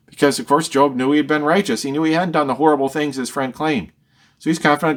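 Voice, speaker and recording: Higher-voiced man teaching scripture. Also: fairly even intonation, quick pace. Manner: explains and rephrases each verse. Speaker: Bible teacher. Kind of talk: verse-by-verse Bible study.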